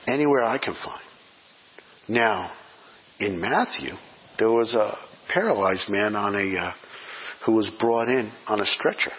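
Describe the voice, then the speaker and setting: A man preaching a sermon as pastor, swinging from loud emphatic peaks to hushed near-whispers. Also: fairly low pitch, animated, unhurried, long pauses. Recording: dull sound in a reverberant hall.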